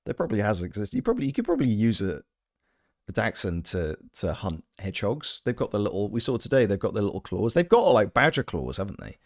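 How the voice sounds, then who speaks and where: A man's voice: fairly low pitch, huge pitch swings, quick pace. A man chatting casually on a game stream, reading his chat aloud with playful, joking asides. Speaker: gaming streamer and voice actor.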